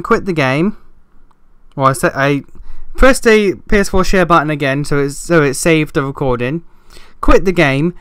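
A man recording commentary over a video game, frustrated and swearing as he rambles through restarts. His voice is smooth and a bit high, recorded dry and close. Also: fairly bright tone, no echo. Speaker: gaming video host. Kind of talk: let's play commentary.

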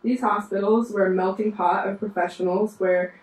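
A woman's voice: mid-range voice, fairly even intonation, normal speed, a little mellow. A woman in her mid-twenties from West Virginia with a Southern accent, telling a wry, sassy story on stage. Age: mid-20s. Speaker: storyteller, nurse. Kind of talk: live storytelling performance. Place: live storytelling show at a bar venue. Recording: roomy live venue, mic far off.

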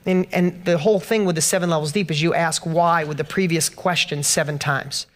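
A man on stage at an event, delivering a motivational speech with a notably high voice. He tells a personal story with passion, climbing in pitch and force as he hammers home each point. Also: steady tone, brisk. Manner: passionate personal storytelling, rising to emphatic peaks. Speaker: motivational speaker. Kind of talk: motivational speech to a live audience.

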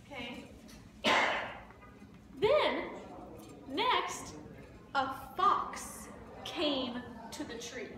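A woman teacher retells a simple story to learners in a high voice, repeating each key phrase several times. Her delivery is extremely slow and deliberate. The room is very echoey, with faint ambience behind her. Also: sing-song, sharp tone, distant mic, a little hiss or hum. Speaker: language teacher. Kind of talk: slow story-listening lesson.

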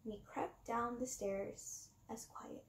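A woman reading a children's book aloud, with expressive, dramatic pauses. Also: fairly high pitch. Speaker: reader. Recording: roomy echo.

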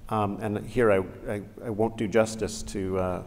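A man's voice: lowish voice, little pitch movement, normal speed, darkish tone, recorded from a distance. A man giving the opening remarks of a public debate, informal and joking with many fillers, heard in a reverberant hall. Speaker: debate speaker. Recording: reverberant lecture hall, faint ambience.

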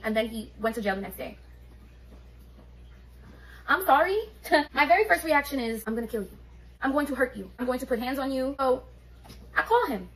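High-voiced New woman telling stories. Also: low-quality recording. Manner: animated, profane, streetwise storytelling. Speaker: beauty vlogger. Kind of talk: storytime vlog.

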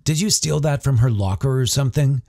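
A man's voice: medium pitch, a little fast, gravelly, warm tone, dry recording, studio quality, voice pushed up, lightly acted. A man voicing a confident, guarded teenage boy with a wry, matter-of-fact way of talking.

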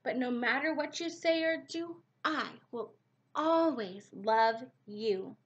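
A woman voicing a gentle, patient mother hen who reassures her chick slowly and soothingly. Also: fairly high pitch, lo-fi sound. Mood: tender.

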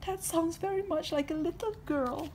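A woman's voice: moderate pace, a little mellow, slight background noise. A woman doing a squealing little ghost boy. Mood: startled. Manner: high, squealing. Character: small timid ghost boy.

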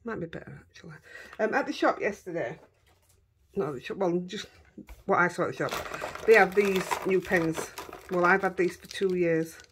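A middle-aged craft vlogger from Yorkshire, England, chats casually in her Yorkshire accent as she works, talking to herself and to her dogs. Her voice is on the low side at a normal speed, with slight background noise.

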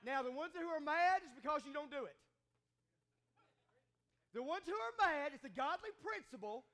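Man, pastor, church sermon, swooping lively pitch, joking and shouting. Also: moderate pace. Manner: animated, shouting and joking with the congregation. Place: church sanctuary.

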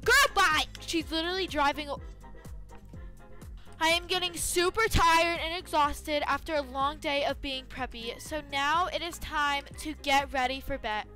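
A woman's voice: sits high, unhurried. A woman hosting a gaming channel, narrating a playful role-play in a bubbly, chatty way full of "like" and "literally". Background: background game music.

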